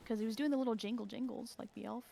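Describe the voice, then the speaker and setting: A woman's voice: a little high, fairly even intonation, racing, vocal fry, dark tone. A woman playing a video game with a friend, chatting in a giggly, chatty way. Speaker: game streamer. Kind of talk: casual gameplay chat.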